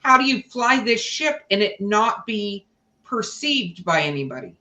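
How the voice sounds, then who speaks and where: A woman's voice: medium pitch, very animated, a little slow, sharp tone. Woman podcast host in a roomy echo. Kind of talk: casual chat.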